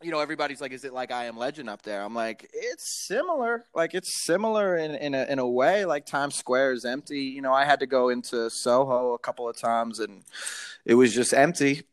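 A man in casual conversation, joking, telling stories with swearing, swinging between loud lines and mumbled asides. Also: medium pitch, animated, a little fast, clean tone. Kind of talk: casual profane chat.

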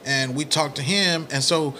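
Bright-voiced man telling stories casually. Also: a little high, moderate pace, a little hiss or hum. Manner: animated storyteller acting out quotes, profane slang. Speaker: podcast co-host. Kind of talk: casual chat.

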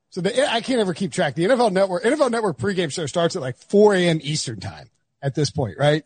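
A man's voice: a little high, husky, no room sound. A man from North Carolina hosting a casual sports podcast, chatty and rambling with lots of restarts. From North Carolina, USA. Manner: chatty, rambling, self-deprecating, many restarts. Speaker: podcast host.

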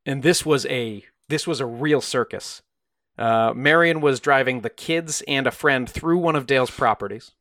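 A man's voice: medium pitch, moderate pace, a bit bright, no echo, studio quality. A man co-hosting a podcast, telling a true crime story in a casual, conversational way and briefly acting out the quoted voices.

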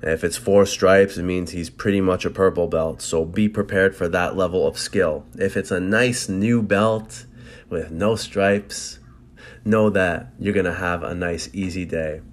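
Blunt, profane jiu-jitsu man, lowish voice. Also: a little slow. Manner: blunt and profane, animated storytelling. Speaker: jiu-jitsu competitor giving tips. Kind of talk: casual storytelling and advice.

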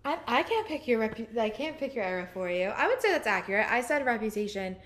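A woman's voice: on the high side, sing-song, fast, fairly bright tone. A woman co-hosting a podcast in casual chat, talkative and full of fillers, laughing often. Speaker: podcast co-host.

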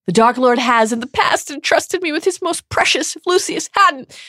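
A woman voicing a shrill, boastful witch who is fiercely devoted to her master, during a podcast reading. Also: lively intonation, bright, forceful tone, no echo, clean studio sound. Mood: indignant. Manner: indignant, shrill, rushed.

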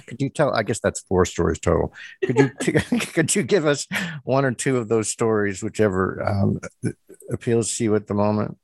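A man hosting an interview, asking questions haltingly with stammers and ums. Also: on the low side, lively intonation, gravelly, darkish tone, no echo. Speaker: podcast host interviewing an author.

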